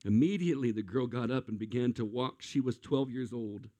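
A man preaching a sermon as a pastor, animated and acting out quotes with playful voices. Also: medium pitch, brisk.

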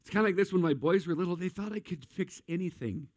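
Man, middle-aged, pastor, sermon, self-deprecating jokes, higher-pitched voice, dry sound. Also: expressive, fast talker, dry recording. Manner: humorous self-deprecating storytelling.

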